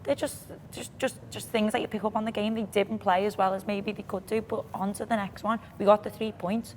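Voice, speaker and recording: A woman with a Liverpool accent, co-hosting a podcast and talking about football in a lively, emphatic way. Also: mid-range voice, fairly quick, a little hiss or hum. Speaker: podcast co-host. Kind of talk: casual football chat.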